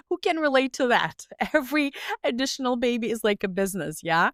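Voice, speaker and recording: A woman's voice: medium pitch, big pitch swings, brisk, a bit bright, no echo, studio quality. A pregnant woman in her thirties hosting her own business-coaching podcast, talking chattily and encouragingly with frequent little laughs. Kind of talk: solo podcast monologue.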